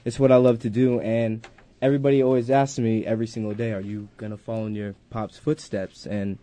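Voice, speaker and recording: A teenage high school football player speaking politely as an in-studio guest, answering in a soft, slightly shy way. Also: male voice, flat delivery, brisk. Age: teens. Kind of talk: casual interview.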